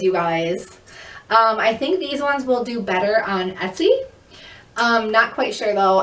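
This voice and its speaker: A woman chatting quickly and upbeat as she shows off a thrift haul in a casual vlog. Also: on the high side, fairly bright tone, slight background noise. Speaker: thrift reseller vlogger. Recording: echoey room, mic at a distance.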